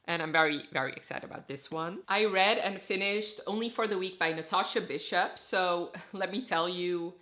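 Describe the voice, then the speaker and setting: A woman's voice: lowish voice, moderate pace, hardly any pauses, sharp tone. A woman chatting casually as a book reviewer, talking through her reading plans and thoughts with lots of "like" and "so" fillers. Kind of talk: casual book vlog chat.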